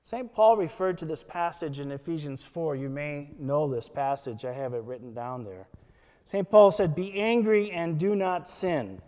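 A man preaching a sermon as a pastor, quoting scripture in a slow, deliberate way. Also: fairly high pitch, darkish tone, big-room sound.

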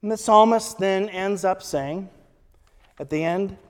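A man preaching a sermon, slow and measured, reading scripture quotes with emphasis. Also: sits high, long reverb tail.

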